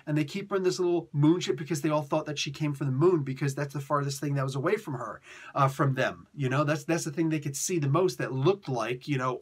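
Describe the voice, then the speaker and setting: Man, comic review host, casual chat, animated, husky, higher voice. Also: a little fast. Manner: animated, chatty, jokey asides.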